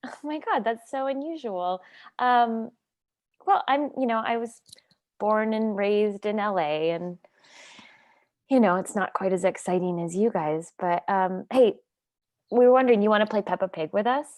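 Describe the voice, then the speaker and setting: A woman's voice: mid-range voice, normal speed, a little mellow, natural voice. A woman improvising a young babysitter who talks with lots of fillers and hesitations. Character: young woman babysitter, nervous but eager. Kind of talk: improv comedy scene.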